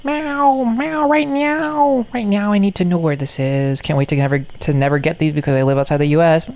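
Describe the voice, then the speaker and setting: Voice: mid-range voice, fairly even intonation, fast talker, mellow, clear, resonant tone. A speaker giving rambling, jokey reaction commentary on toys, repeating phrases with ironic asides. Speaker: video maker reacting to toy content.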